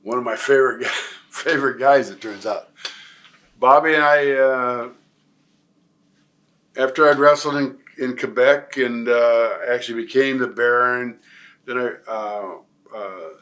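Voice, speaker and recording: A man's voice: medium pitch, steady tone, measured pace, long pauses, a bit bright. An older man from Nebraska telling long stories in a career interview, rambling with many fillers and restarts. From Nebraska, USA. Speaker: retired pro wrestler, guest.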